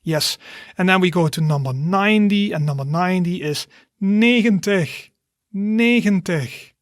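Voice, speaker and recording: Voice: medium pitch, fairly quick, dry recording, studio quality. A language teacher, giving an online lesson and patiently encouraging learners to repeat words after them.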